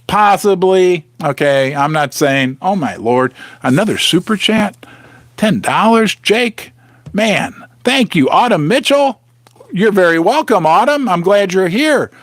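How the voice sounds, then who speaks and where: Lively-voiced middle-aged man hosting a livestream. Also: high voice, measured pace, no room sound, clean studio sound. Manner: rambling, restarts often, thanks viewers. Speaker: livestream host. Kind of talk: casual livestream chat.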